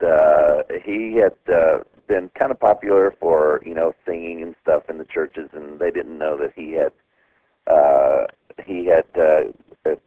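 A man's voice: low voice, dry recording. A man co-hosting a talk radio show, telling stories in a rambling way with many fillers and chuckles. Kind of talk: casual storytelling chat. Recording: dry phone-line sound.

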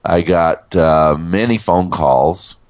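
Deep-voiced man in his sixties, chatty. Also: darkish tone, no room sound, highs cut off. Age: 60s. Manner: chatty, laughing, with fillers and pauses. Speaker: podcast co-host. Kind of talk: casual chat.

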